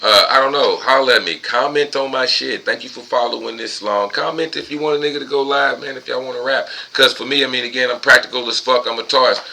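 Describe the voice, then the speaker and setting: A man's voice: medium pitch, fast, creaky, hardly any pauses, pushed and bright, a little hiss or hum, rough recording. A buzzed man rambling and ranting profanely at home in a casual vlog monologue. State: tipsy and high. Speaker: vlogger.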